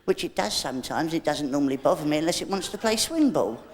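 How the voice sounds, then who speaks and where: A man with a high, squeaky voice works a theatre crowd, his pitch leaping all over the place as he teases people. The sound is an echoey live tape, with a loud audience and noise behind him. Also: expressive, fast. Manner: cheeky, teasing audience members. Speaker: stand-up comedian. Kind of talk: live stand-up with crowd banter. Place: large theatre stage.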